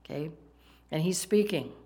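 A woman's voice: low voice, moderate pace, mellow. A woman preaching a sermon, talking conversationally and asking the congregation questions. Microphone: microphone, PowerPoint slides in a church.

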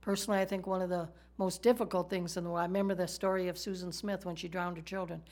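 A woman's voice: lowish voice, level tone, fast, darkish tone. A woman teaching a sermon in a conversational way, asking her listeners rhetorical questions. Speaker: Bible teacher.

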